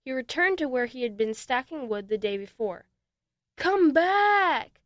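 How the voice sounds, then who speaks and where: A woman narrating a children's story in a gentle, steady reading voice. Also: a little high, brisk, dry recording, studio quality.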